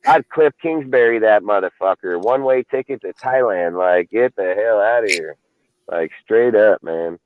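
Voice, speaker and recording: A man's voice: fairly low pitch, normal speed. A man hosting a casual sports talk podcast, ranting and swearing constantly in a fired-up way. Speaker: podcast host. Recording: dry, phone-like lo-fi audio.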